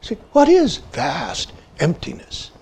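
Slow older man teaching with repeated "see". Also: on the high side, wildly swooping pitch, husky. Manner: says "see" again and again, slow and deliberate; drops to hushed whispers when retelling a story. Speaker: Zen teacher. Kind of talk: dharma talk.

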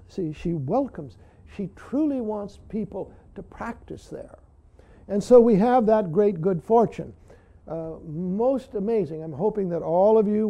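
A man giving a dharma talk to his students, often saying "see" and pausing for emphasis. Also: sits high, gravelly, mellow. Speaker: Zen teacher.

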